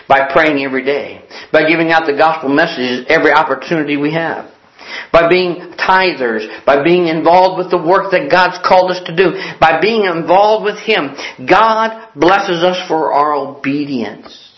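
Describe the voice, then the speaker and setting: A man preaching a sermon in an earnest, storytelling way, repeating key lines for emphasis. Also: a little high. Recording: echoey, dull lo-fi sound.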